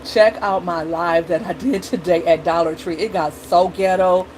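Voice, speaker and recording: A woman's voice: on the low side, fairly even intonation, moderate pace, a little mellow, slight background noise, poor audio. A middle-aged woman talking casually to her viewers as a mom vlogger, chatty and blunt, acting out her kids and herself.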